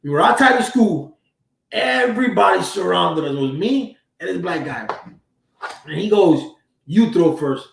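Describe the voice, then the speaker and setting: A man's voice: high voice, animated, moderate pace, gravelly, recorded from a distance. Streetwise New man, echoey room. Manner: streetwise slang, loose and profane. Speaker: livestream host. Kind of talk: casual livestream storytelling. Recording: roomy echo.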